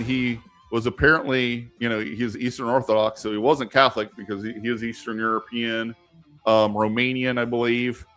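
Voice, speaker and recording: A man's voice: mid-range voice, fairly bright tone. A man hosting a casual live stream while gaming, rambling with many fillers and turning emphatic when he argues.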